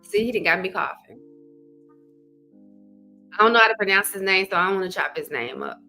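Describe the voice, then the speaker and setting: Southern woman, middle-aged, energetic livestream host, bright and forward tone. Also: medium pitch, a little fast, faint music behind. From Arkansas. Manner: chatty, energetic, greets viewers by name, says "y'all" and "child". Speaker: love coach and livestream host. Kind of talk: casual livestream chat.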